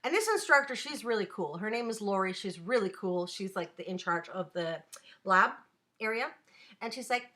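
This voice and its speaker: A woman, an adult student, ranting casually on a live stream, animated and swearing, breaking off to answer her chat. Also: a little high, normal speed.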